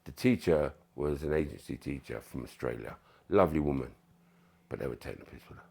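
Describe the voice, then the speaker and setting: A man's voice: rumbling low, animated, brisk, creaky, a little mellow, slightly rough. A man, a podcast guest telling stories in casual chat, acting out the dialogue, swearing, and dropping to whispers. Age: 60s.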